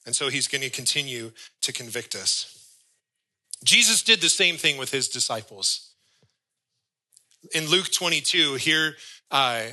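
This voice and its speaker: A man's voice: medium pitch, bright, forceful tone, poor audio. A man, a pastor, preaching a sermon and telling a story, acting out short bits of dialogue along the way. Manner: storytelling, acts out little dialogues.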